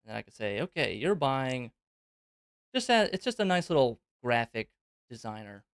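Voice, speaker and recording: A man hosting a live question-and-answer stream, talking loosely and thinking aloud with plenty of fillers. His voice is smooth and clear, at an average pitch, and it sounds dry, with no room echo. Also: very animated, a little fast, fairly bright tone. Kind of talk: casual live Q&A, explaining on screen.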